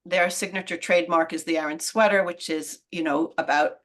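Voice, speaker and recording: A woman author talking through her research in a relaxed video-call interview, thoughtful and explanatory, often trailing off mid-sentence. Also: fairly low pitch, fairly quick. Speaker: author and guest.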